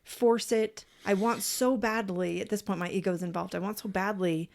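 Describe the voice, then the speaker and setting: A woman co-hosting a podcast, telling a personal story in a casual, animated way, acting out what people said and swearing freely. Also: mid-range voice, moderate pace, gravelly. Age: parent, adult. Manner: animated, acts out quoted voices. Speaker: podcast co-host.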